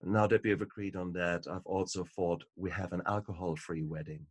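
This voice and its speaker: A cheerful, eager young daughter, put on by a man telling a story. The voice sits low and sounds dry and close. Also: steady tone, brisk, husky, dry recording. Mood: hopeful.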